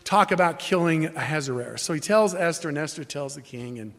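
A man's voice: fairly high pitch, expressive, brisk, fairly bright tone. A man preaching a teaching sermon, explaining Scripture with emphatic, repeated phrases and frequent restarts. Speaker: pastor.

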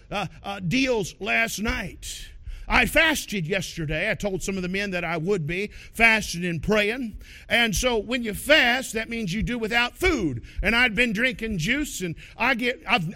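A male pastor delivers his sermon as a folksy, animated story. His voice sits very high for a man, bright and sharp, and swings widely, with shouted bursts for emphasis.

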